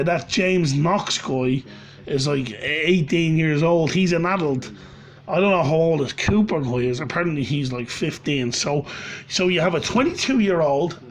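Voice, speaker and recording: Dublin man, a bit high-pitched, angry sweary monologue, faint noise floor. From Ireland. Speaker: channel host. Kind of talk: ranting monologue.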